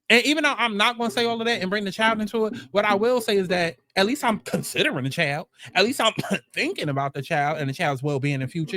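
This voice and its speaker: Male commentary host, higher voice, exasperated and sarcastic, swears freely, repeats lines for emphasis. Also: lively intonation, a little fast, pushed and bright. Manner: blunt, profane, repeats phrases for emphasis; exasperated, sarcastic rhetorical questions. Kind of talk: storytime commentary rant.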